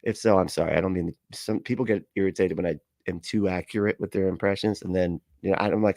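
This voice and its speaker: A man's voice: low-pitched, fairly even intonation, fast, creaky, few pauses, a little mellow, dry recording, clean studio sound. Sarcastic man hosting a livestream. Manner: sarcastic, laughing, rambling. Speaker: livestream host reacting to a video. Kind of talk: sarcastic casual livestream commentary.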